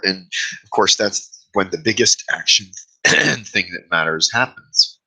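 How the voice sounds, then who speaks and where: In a confessional vlog monologue, a man speaks openly and at length about his fears, recording himself on his own camera mic. His deep, husky voice comes across bright and forceful at a measured pace, though the audio is poor.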